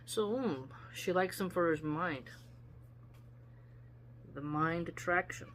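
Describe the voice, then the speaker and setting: A host reads a philosophy text aloud and keeps stopping for loose, chatty asides. The voice sits at a middle pitch. A faint hum runs underneath. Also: takes it slowly, a bit bright. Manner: chatty, digressive asides with laughter. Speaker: philosophy reader and commentator. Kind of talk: casual reading with commentary.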